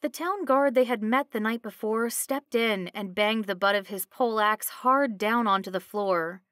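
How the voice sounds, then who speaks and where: Woman narrator, storybook reading, even delivery, dry close recording. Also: mid-range voice, measured pace, dry recording.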